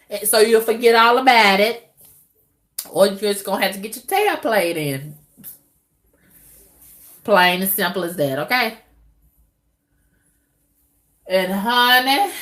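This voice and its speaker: A middle-aged woman vlogging in a candid, casual monologue to her viewers, drawling with loud whoops and exclamations. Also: medium pitch, lively intonation, slow, pauses often.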